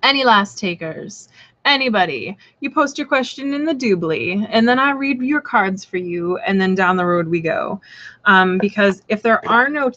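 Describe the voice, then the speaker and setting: A woman's voice: mid-range voice, fairly bright tone, highs cut off. A woman hosting a live tarot reading stream, talking in a chatty, rambling way with lots of fillers, blunt and playful. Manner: blunt and playful, swears casually.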